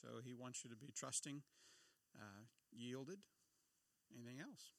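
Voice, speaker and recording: A man's voice: medium pitch, animated, a little slow, creaky. A middle-aged man giving a conversational sermon, often asking his listeners questions. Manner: conversational, asks the audience questions. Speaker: pastor.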